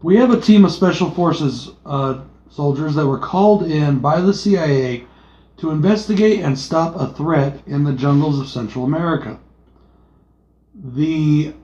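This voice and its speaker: A man's voice: on the high side, a little slow, warm tone. A man co-hosting a casual movie review, laid-back and jokey, swearing freely. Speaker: podcast co-host. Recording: echoey room, dull lo-fi sound.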